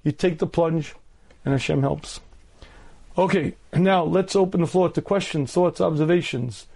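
A middle-aged rabbi lectures earnestly on faith and dating, pausing often to clear his throat. His voice sits high for a man. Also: warm tone. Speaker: rabbi giving a talk.

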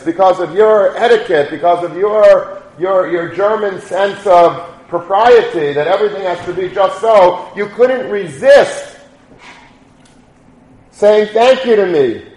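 A man voicing an exacting elderly male yeshiva mentor who scolds with emphatic, drawn-out stresses. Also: high-pitched, a little mellow. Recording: echoey room.

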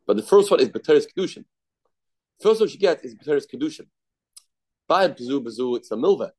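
A man's voice: on the high side, lively intonation, normal speed, a little mellow, breathy edge. A man teaching a Talmud lesson, repeating phrases and thinking aloud as he works through the text. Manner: repetitive, thinking aloud, mixing Aramaic terms into English.

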